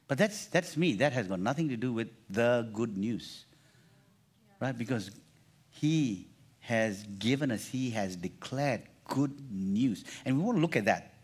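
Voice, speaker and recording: A man's voice: mid-range voice, normal speed, long pauses, husky. A man preaching a sermon to a congregation, reading scripture and restarting phrases, often calling for the crowd to repeat after him. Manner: animated, repeats phrases, calls for congregation response. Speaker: pastor.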